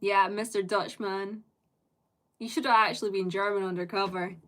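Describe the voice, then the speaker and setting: A woman's voice: medium pitch, fairly even intonation, moderate pace, fairly bright tone. A British woman live-streaming, chatting casually with viewers in a rambling way and laughing often.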